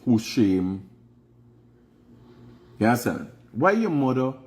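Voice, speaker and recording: A Guyanese vlog host talks through life advice in a casual monologue, frank and preachy, repeating phrases for emphasis. He speaks slowly in a mid-range, slightly mellow voice with big swings in pitch.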